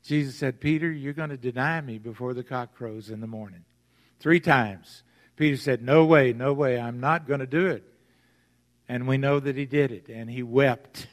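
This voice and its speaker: A man's voice: medium pitch, moderate pace. A man preaching a sermon as pastor, retelling the story and acting out its voices. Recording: long hall reverb.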